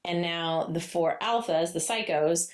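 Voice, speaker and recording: A woman co-hosting a podcast, chatting loosely about a book, with many fillers and laughs, and now and then she acts out the characters' lines in a playful high voice. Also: a little slow. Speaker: podcast co-host. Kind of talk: casual book-discussion chat.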